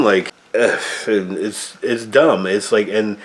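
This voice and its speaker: A man with a fairly low voice reviews a film in a loose, rambling rant. He sounds exasperated and drops the odd swear word. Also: moderate pace, hardly any pauses. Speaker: movie reviewer. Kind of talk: casual ranting review.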